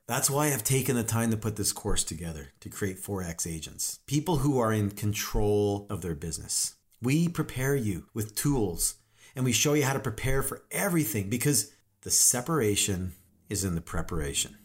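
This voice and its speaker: A man coaching real estate agents in a motivational monologue, firing off emphatic rhetorical questions. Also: lowish voice.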